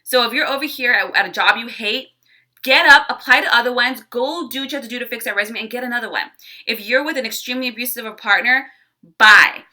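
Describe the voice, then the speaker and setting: A young woman giving a casual tarot forecast, chatty and animated, often acting out quoted voices. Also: fairly high pitch, quick pace. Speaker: tarot reader.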